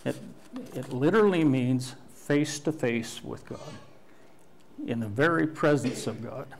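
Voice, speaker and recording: Slow-speaking older male pastor preaching. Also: medium pitch, gravelly. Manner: slow, deliberate teaching with pauses and restarts. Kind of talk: sermon. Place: church sanctuary.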